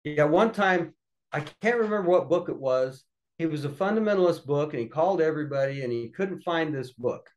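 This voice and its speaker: A middle-aged man who is a podcast guest, telling family anecdotes casually and lively, acting out other people's voices along the way. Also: a little high, fairly quick, low-quality recording. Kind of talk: casual storytelling.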